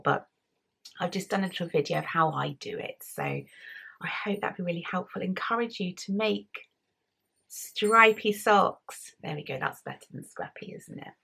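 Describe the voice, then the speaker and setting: An English woman hosting a knitting podcast, chatting casually to a camera at home and often trailing off into soft near-whispers. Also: medium pitch, breathy edge. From England. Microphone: camera mic.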